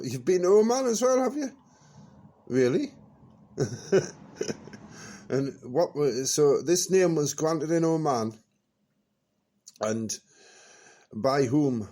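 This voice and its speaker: A man's voice: a little high, a little slow, pauses often, warm tone. A man hosting a comic radio show, teasing his guest playfully and laughing along.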